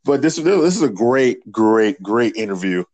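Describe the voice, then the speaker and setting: A man's voice: fairly low pitch, very animated, measured pace, a little mellow, no room sound. A man co-hosting a casual wrestling podcast, crude and rambling, laughing often. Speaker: podcast co-host. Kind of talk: casual profane chat about wrestling.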